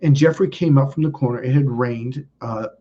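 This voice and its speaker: Husky guy rambling through a story, jumps up high when he quotes people, kinda dull lo-fi sound. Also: normal speed. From California. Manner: animated, acts out quotes with sudden high exclamations. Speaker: channel host. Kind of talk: casual storytelling monologue. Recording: dull lo-fi audio.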